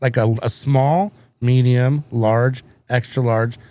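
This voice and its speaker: A man's voice: mid-range voice, fairly even intonation, slow, darkish tone, no echo. A man in his forties telling loose, profane stories. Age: 40s. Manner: loose, profane storytelling with voiced quotes. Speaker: podcast host. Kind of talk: casual chat.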